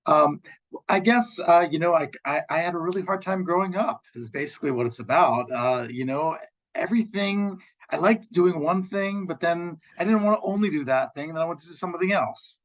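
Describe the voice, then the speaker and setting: A man's voice: fairly high pitch, animated, moderate pace, lo-fi sound. A man from Philadelphia, a lawyer guest on a radio show, joking about himself and hesitating with fillers as he begins his story. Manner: self-deprecating humor, hesitant with fillers. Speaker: intellectual property lawyer, guest.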